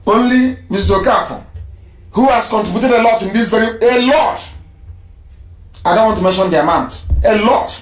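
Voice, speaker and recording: A man's voice: high-pitched, moderate pace, echoey room. A man hosting a live radio broadcast and taking calls, speaking emphatically and repeating phrases for stress.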